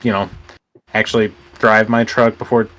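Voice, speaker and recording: A man's voice: fairly low pitch, flat delivery, moderate pace, a bit bright. A young man from Illinois rambling through a casual gaming chat, hesitating with lots of fillers. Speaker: gamer host.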